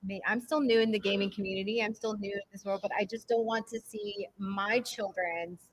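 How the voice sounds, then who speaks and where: Woman moderator, mid voice, a little halting and searching for words. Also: mid-range voice, steady tone, rough recording. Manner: halting, self-correcting. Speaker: panel moderator. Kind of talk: casual panel discussion. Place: convention panel room.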